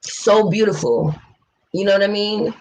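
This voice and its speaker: A woman's voice: mid-range voice, unhurried, darkish tone, slight background noise, low-quality recording. Woman, livestream host, fiery and outspoken, curses a lot, faint clicks behind. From New York City. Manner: blunt, passionate, swears freely; talks straight to viewers, reads chat aloud. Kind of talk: casual livestream chat.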